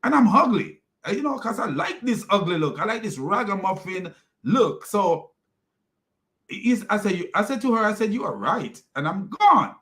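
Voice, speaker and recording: A man's voice: high-pitched, big pitch swings, moderate pace, a bit bright. A man hosting a commentary video, ranting and mocking as he reacts to clips. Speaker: commentary host.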